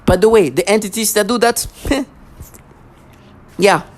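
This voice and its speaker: A woman's voice: medium pitch, unhurried. A woman in a heated monologue to camera, agitated and sarcastic, stumbling over restarts as she talks. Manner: sarcastic mocking asides. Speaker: vlogger.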